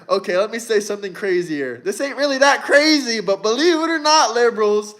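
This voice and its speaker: Brash, high-voiced young man on a livestream. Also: animated, moderate pace, few pauses, a bit bright. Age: 20s. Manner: brash, mocking, provocative. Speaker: livestream host. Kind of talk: live-stream chat.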